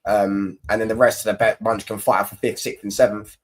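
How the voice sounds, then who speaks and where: A man's voice: lowish voice, little pitch movement, brisk. A young man hosting a casual football live stream, reading chat comments and mocking rival fans in rambling, slangy banter.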